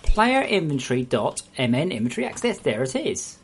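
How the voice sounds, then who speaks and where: A low-voiced woman streams herself writing game code and talks to her viewers as she works. She is blunt and swears easily, and her voice swings widely between high and low. She often drops to a mutter while she works through the code. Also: big pitch swings, brisk, slight background noise. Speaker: game developer streaming live. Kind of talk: live coding stream chat.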